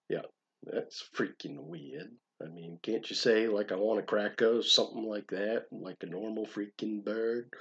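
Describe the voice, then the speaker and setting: A man's voice: lowish voice, moderate pace, a little mellow, lo-fi sound. A man with a Maine accent giving a comic dramatic poetry reading, switching between overblown recitation and crude asides. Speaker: poetry reader.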